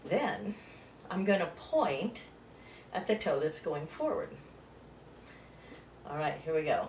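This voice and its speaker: A low-voiced woman, very animated yet a little mellow, takes things slowly and pauses often as she leads chair yoga. She counts out the moves and encourages the class while a bit short of breath. Echo fills the room, the mic is distant, and there's faint noise.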